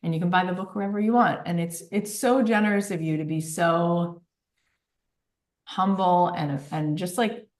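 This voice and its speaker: Low-voiced earnest woman in an echoey room. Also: darkish tone. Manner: earnest and effusive, with frequent fillers. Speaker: guest, author and podcast host. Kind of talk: casual interview talk.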